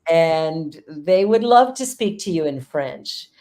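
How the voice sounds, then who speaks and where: Low-voiced older woman hosting a talk show. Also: expressive, slow, mellow. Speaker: host, spiritual director. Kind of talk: casual interview chat.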